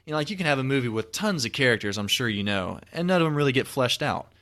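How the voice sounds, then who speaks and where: A man's voice: mid-range voice, animated, fast talker, a bit bright. A man in his twenties hosting a podcast, chatting casually in a rambling, reflective way with many restarts. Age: 20s. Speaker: podcast host. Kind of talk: casual chat.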